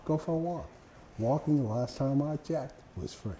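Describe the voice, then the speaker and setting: An older man speaks as a guest in a slow, halting way, full of fillers, his words loosening as he tires. His voice is mellow and dark. The room rings with echo, and faint noise sits under him. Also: mid-range voice. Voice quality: speech that tires and falls apart. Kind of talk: interview answers.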